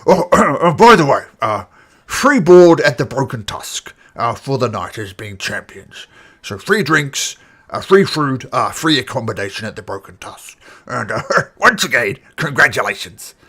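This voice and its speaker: A man doing a husky, courteous festival official. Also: mid-range voice, very animated, a little slow, a bit bright, full character voice. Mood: cordial. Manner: courteous, chuckling, persuasive. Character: polite chuckling male festival official.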